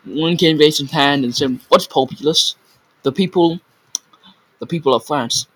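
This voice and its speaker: A man reads a story aloud in a loose, unpolished way. His voice is bright and forceful. He stumbles on hard words and corrects himself as he goes. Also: fairly high pitch, a little slow, slightly rough, poor audio. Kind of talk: casual read-aloud of a story.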